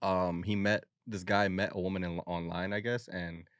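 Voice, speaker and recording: A man's voice: sits low, little pitch movement, moderate pace, a bit bright, clear, resonant tone, dry recording. A man co-hosting a podcast, recapping odd news stories in a loose, slangy way with lots of fillers. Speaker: podcast co-host. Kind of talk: casual chat.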